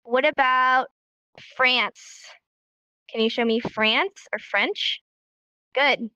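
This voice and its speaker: A woman's voice: a little high, very slow, bright, forceful tone, clean tone, no room sound. A woman teaching a live online sign language class in an upbeat, encouraging way, recorded as dull lo-fi stream audio.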